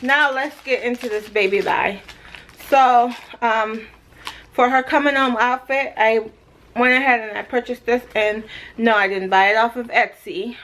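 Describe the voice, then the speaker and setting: A woman from Jamaica, in her thirties, talks casually to the camera in a pregnancy update vlog. Her voice sits fairly high. She keeps the chat light with playful, self-mocking asides. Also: a little slow, a bit bright, a little hiss or hum. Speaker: vlogger.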